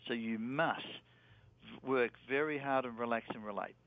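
An Australian man, a sales trainer, calmly walking through a sales method as a guest. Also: mid-range voice, moderate pace, a little hiss or hum. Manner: steady, instructive, with fillers. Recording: dry, tinny phone line.

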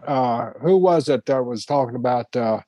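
A man's voice: mid-range voice, moderate pace, mellow, no echo. A man hosting a casual chat, rambling through old stories with many restarts. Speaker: host.

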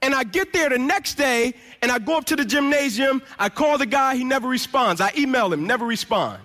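Very high, bright-voiced man telling his story. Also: expressive, a little fast. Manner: storytelling with repeated refrains. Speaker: motivational speaker. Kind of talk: inspirational testimony speech.

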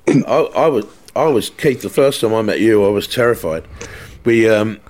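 A man's voice: lowish voice, normal speed, a little hiss or hum. A middle-aged man, a broadcaster and podcast co-host, telling rambling anecdotes with plenty of restarts. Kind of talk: casual storytelling chat.

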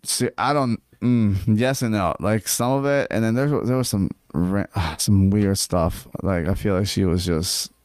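A man co-hosting a podcast in casual gossip chat, animated and laughing, often mimicking people in high voices. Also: unhurried, hardly any pauses, no room sound. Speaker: podcast co-host.

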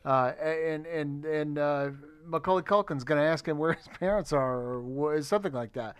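A man's voice: a little high, normal speed, clean tone, no echo. A man co-hosting a podcast, joking wryly with a lot of stammered restarts. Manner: stammering restarts, wry jokes. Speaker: podcast co-host. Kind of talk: casual podcast chat.

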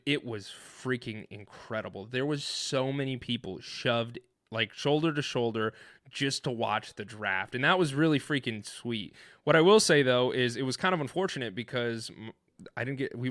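A man co-hosting a podcast, retelling an experience in an excited, rambling way, full of restarts and fillers. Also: mid-range voice, no echo, studio quality. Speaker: podcast co-host. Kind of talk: animated storytelling in casual chat.

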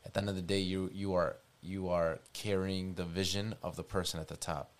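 A young man in his twenties, a podcast guest, telling a story in a casual, animated and profane way. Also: deep voice, a little fast.

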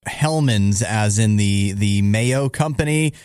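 A man's voice: fairly low pitch, slow, darkish tone, smooth, no room sound, clean studio sound. A man hosting a radio show, bantering playfully and teasing his co-hosts. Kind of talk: casual banter.

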